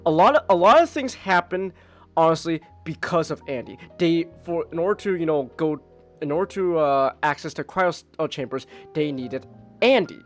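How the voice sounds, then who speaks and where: A man hosts a live podcast, casually chatting about a movie he liked and rambling with many restarts and fillers. His voice is on the high side and expressive, at normal speed, with faint music behind him.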